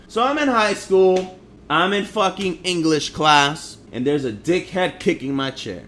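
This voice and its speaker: A man's voice: fairly high pitch, very animated, normal speed, fairly bright tone, slight background noise. A young man who grew up in Harlem, telling personal stories in a blunt, profane, slangy vlog manner. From Harlem, New York. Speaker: vlogger. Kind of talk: casual storytelling vlog.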